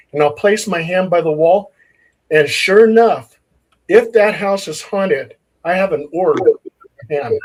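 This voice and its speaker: Husky, slightly high male investigator; anecdotal, acts out quotes. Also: normal speed, low-quality recording. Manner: acts out quoted dialogue in his stories. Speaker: paranormal investigator. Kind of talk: anecdotal storytelling.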